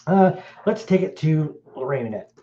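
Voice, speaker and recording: His voice is a little high and warm, with lively intonation and a moderate pace: a middle-aged podcast host from Wales. He chats casually, bluntly, and crudely, rambling with lots of fillers, and the recording is roomy, dull, and lo-fi.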